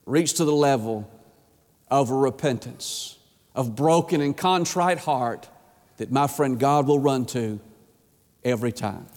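A male pastor preaching a sermon, swinging from high, urgent pleas to hushed low tones and stammering when fired up. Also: measured pace, pauses often. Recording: long reverb of a church hall.

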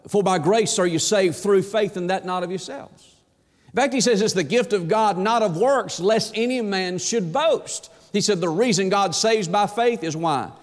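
A man with a high voice preaches a sermon with emphasis. He quotes scripture and throws rhetorical questions at his listeners. His words ring out with a long reverb in a big hall.

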